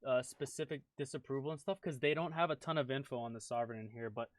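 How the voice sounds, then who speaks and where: A man's voice: mid-range voice, fast, no room sound. A man running a tabletop game, talking casually and upbeat, often repeating himself. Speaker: game master. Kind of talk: wrapping up a tabletop game session.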